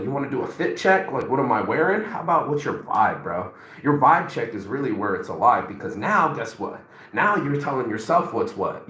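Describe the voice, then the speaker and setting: A man's voice: fairly high pitch, a bit bright, reverberant, low-quality recording. Rambling, profane motivational man in his forties. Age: 40s. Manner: rambling, profane, many fillers. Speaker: motivational vlogger. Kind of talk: casual motivational monologue.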